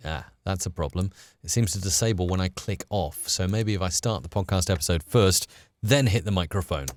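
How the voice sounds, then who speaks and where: British male host, live tutorial, lowish voice, dry close sound, casual and upbeat. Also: brisk, a little mellow, no echo. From United Kingdom. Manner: chatty, upbeat, filler-heavy. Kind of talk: live screen-share tutorial.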